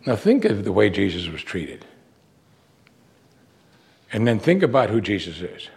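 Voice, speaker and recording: A man's voice: sing-song, unhurried, vocal fry, a little mellow. Earnest male preacher with rising emphasis. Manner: earnest, emphatic, with rising pitch on key words. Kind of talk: sermon.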